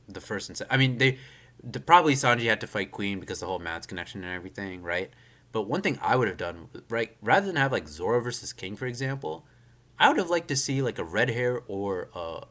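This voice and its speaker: Young guy ranting on a live manga reaction, bright forceful voice, kinda low, says like a lot and swears. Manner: rambling, heavy use of "like" and "you know", frequent restarts; animated and opinionated, swearing. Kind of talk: casual live reaction rant.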